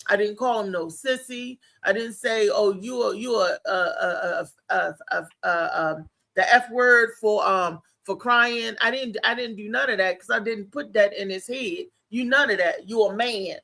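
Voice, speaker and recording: A woman talks in a casual morning show chat. Her voice is bright and a little tense, and she tells stories with lots of animation and restarts. She is a parent speaking from experience. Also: medium pitch, normal speed, creaky, few pauses. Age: adult with a child. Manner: animated storytelling, many restarts, laughs.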